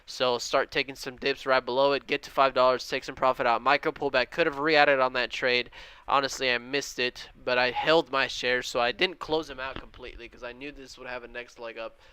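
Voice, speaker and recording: A man's voice: mid-range voice, steady tone, fairly quick, pushed and bright, smooth. A man casually walking viewers through his trades on a live stream and answering chat. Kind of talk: live trading stream commentary.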